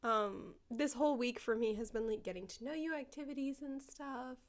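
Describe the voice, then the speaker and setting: A woman's voice: on the high side, normal speed. Giggly young woman teacher telling stories. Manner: giggly, animated storytelling with quoted kids. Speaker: elementary school teacher. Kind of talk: casual chat.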